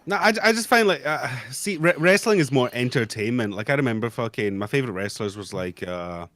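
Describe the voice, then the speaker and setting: A man's voice: medium pitch, expressive, a little fast, fairly bright tone, no echo, clean studio sound. A young man chatting casually on a podcast, laid-back and wry. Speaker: podcast guest. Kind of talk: casual chat.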